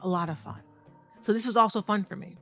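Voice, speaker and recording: A woman recounting a tournament over her match footage in a candid, profane, animated way. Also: medium pitch, fast talker, soft background music. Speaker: streamer and competitive fighting game player.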